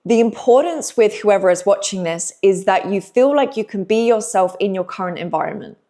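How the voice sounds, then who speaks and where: Gentle soothing woman reader. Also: medium pitch, expressive. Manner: gentle, reassuring, emotional, with sighs and pauses. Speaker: intuitive reader speaking to viewers. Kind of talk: spiritual channeled message to camera.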